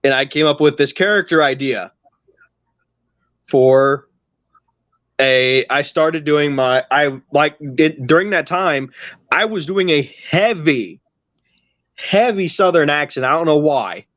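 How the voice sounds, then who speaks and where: A man's voice: on the high side, slow pace, long pauses, fairly bright tone, no room sound. Man, podcast host, casual storytelling, rambling, teasing, muffled online call sound, dry. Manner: rambling, teasing, restarts a lot.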